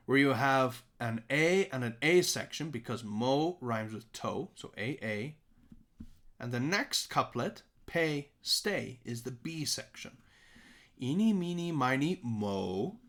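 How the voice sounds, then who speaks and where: Animated male music teacher. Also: medium pitch. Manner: animated, chanting rhymes as examples; checks in with "okay?" and "right?". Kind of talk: recorded music lesson.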